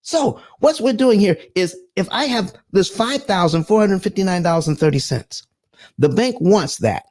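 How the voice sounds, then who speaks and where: A man's voice: high voice, lively intonation, moderate pace, a little mellow. A man hosting a live finance stream, talking emphatically in a preacher-like style with dramatic asides.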